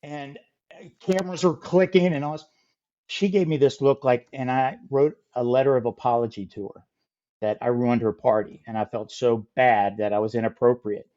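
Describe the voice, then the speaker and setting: A middle-aged man telling a funny story as a podcast guest, lively and acting out the people in it. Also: mid-range voice, moderate pace, dull audio. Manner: animated, acts out quoted voices. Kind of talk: casual storytelling.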